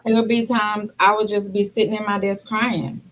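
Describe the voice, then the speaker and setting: A woman's voice: mid-range voice, level tone, moderate pace, poor audio. A woman hosting a talk show, candidly and reflectively sharing her own experience in casual conversation. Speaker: podcast host.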